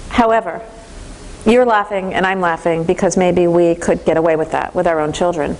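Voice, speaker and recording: A woman's voice: on the low side, moderate pace, a little hiss or hum, low-quality recording. A woman giving a parenting training lecture to a class, telling stories and acting out voices. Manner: lively storytelling, acts out voices.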